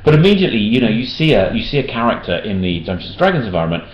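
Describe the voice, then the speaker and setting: A man's voice: on the low side, very animated, very fast, a little hiss or hum. A man answering backer questions in a casual chat, hesitant, with many restarts. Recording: roomy dull-sounding room recording.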